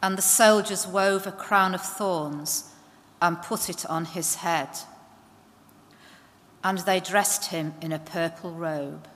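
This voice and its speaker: Female lector, lowish voice, slow deliberate reading, church echo. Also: a bit bright. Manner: slow, careful reading aloud. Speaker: scripture reader. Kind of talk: scripture reading. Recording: long church reverb.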